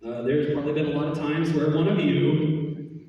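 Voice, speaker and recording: A man, a band teacher, telling a story to his students in an animated way and acting out the voices he quotes. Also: on the high side, normal speed, dull audio, a little hiss or hum. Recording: echoey hall from far off.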